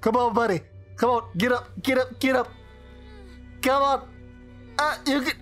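High-voiced swearing game commentator. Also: fairly even intonation, moderate pace, fairly bright tone, faint music behind. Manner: profane, emotional outbursts. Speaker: gaming commentator. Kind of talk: let's play commentary.

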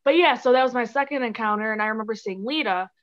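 A woman's voice: on the high side, fast. Chatty giggly young woman, muffled audio. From Chicago. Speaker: podcast guest. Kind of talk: casual interview chat.

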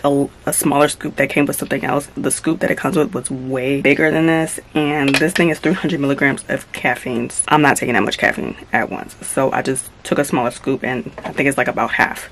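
A young woman speaks quietly at home, half-whispering so she won't wake anyone. Her tone is casual and chatty, with a faint hiss of noise behind her. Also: low voice, rough recording. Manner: hushed and soft, trying not to wake others. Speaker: fitness vlogger. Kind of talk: casual vlog narration. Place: home, early morning.

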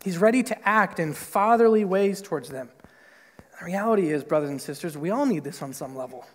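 A man's voice: animated, brisk. A man preaching a sermon as pastor, talking conversationally with many casual fillers and acting out quoted voices. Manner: conversational, lots of "like" and "right?"; acts out quoted voices with big pitch jumps. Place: church sanctuary. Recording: long hall reverb in a church.

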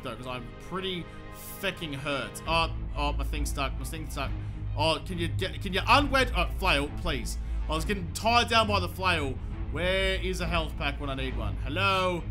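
A young man with a high, very bright and sharp voice narrates his gameplay in an excitable, foul-mouthed rush. He shouts when he gets thrilled. Faint game music plays behind him. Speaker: gaming video host. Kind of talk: gameplay commentary.

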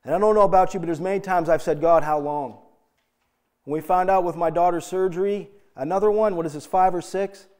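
Male pastor, middle-aged, high voice, earnest emphatic sermon delivery. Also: steady tone, fast, hardly any pauses, darkish tone. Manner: earnest, emphatic preaching with direct questions to the congregation.

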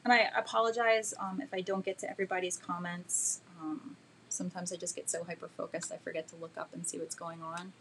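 A woman teaching a live painting demo and answering viewers' questions, chatty and self-deprecating, with many fillers, talking gently while she works. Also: on the low side, flat delivery, fairly quick, slight background noise. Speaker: art instructor.

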